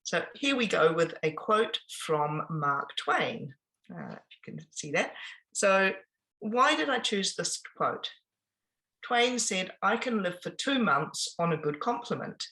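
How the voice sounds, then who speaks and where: A woman giving an informal business presentation, chatty and pausing often with ums and restarts. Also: fairly low pitch, big pitch swings, bright, forceful tone, rough recording. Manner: conversational, with frequent ums and restarts.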